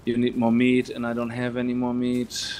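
A man hosting a multiplayer let's play, talking casually at a mid pitch. He walks through game mechanics calmly, with faint noise behind him. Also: moderate pace. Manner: explaining game mechanics in a relaxed way. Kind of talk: casual gameplay chat.

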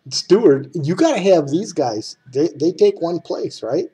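A man talks slowly and at length, folksy and rambling, as he explains a game on his computer. His voice is mellow and a little husky, and he speaks straight to the listener as if they were next to him. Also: fairly high pitch, very animated. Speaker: game tutorial maker. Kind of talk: casual screen-recorded game tutorial.

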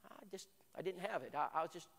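A man with a high voice teaches a church Bible class by telling a personal story. He is animated and acts out the other people's voices. He often repeats words when he gets excited, and the hall adds a long echo. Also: fast talker, creaky.

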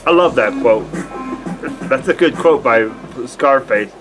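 A man's voice: medium pitch, animated, unhurried, over music. A man talking casually to his camera, rambling and stumbling over his words.

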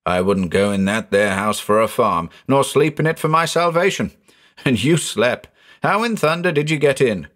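A man voicing an excitable, superstitious middle-aged farmer with a folksy rural American drawl. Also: medium pitch, normal speed, natural voice. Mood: awed.

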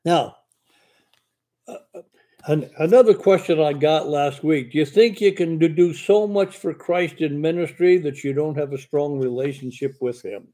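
A man's voice: fairly high pitch, measured pace, mellow. An older male preacher with a stammer, teaching in a live Bible question and answer. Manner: stammers in speech, fluent when preaching. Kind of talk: sermon-style Bible Q&A.

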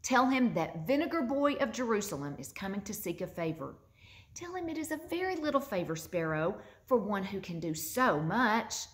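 A woman reading a storybook aloud and voicing an eager, lively young boy. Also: medium pitch, moderate pace, pitched above the performer's own voice, lightly acted. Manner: bright, excited, scolding fondly.

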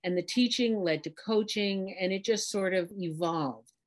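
A woman's voice: mid-range voice, measured pace. A middle-aged woman from New York City, a dialect coach, talking casually and expressively in an interview. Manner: animated, expressive, talks in images and examples.

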